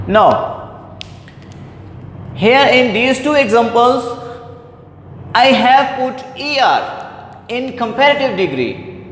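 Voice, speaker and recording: A male teacher explains grammar slowly and deliberately, repeating each point. His voice sits high for a man. It rings in a large echoey hall with faint noise in the background. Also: expressive, a bit bright. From Pakistan. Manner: repetitive, deliberate, addresses "my dear students". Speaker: English teacher. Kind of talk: classroom grammar lecture.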